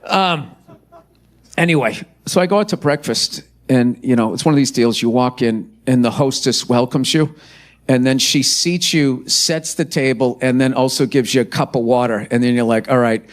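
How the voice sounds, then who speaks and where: A man's voice: mid-range voice, normal speed. A man performing a profane, mocking stand-up comedy rant at a live show. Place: live comedy venue with audience.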